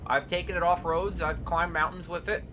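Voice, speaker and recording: Brief: rambling, self-deprecating let's play host, slightly high male voice, game engine hum under it. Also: fairly even intonation, moderate pace. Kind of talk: casual game commentary.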